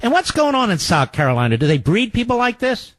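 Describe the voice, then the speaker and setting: A man's voice: very high-pitched, wildly swooping pitch, a little fast, a bit bright, dry recording. A man hosting a political talk radio show, delivering a sarcastic, mocking monologue.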